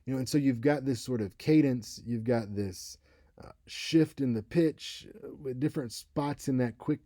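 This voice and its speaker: A man's voice: mid-range voice, moderate pace, warm tone, dry recording, clean studio sound. A man in his thirties giving a casual, conversational college lecture on speaking, now and then acting out example voices. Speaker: college instructor. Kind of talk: recorded lecture.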